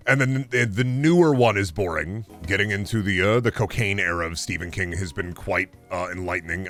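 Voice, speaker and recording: A man's voice: fairly low pitch, fairly bright tone. Rambling sarcastic male streamer. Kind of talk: casual stream chat.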